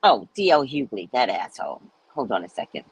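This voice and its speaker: A woman's voice: rumbling low, sing-song, a little fast, gravelly, husky, low-quality recording. A woman hosting a casual commentary show, talking in a sassy, emphatic, lecturing way. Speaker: host.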